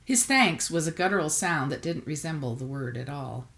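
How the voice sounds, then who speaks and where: Low-voiced woman author reading aloud. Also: lively intonation, normal speed, vocal fry, a bit bright. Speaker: author reading her book. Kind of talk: audiobook narration.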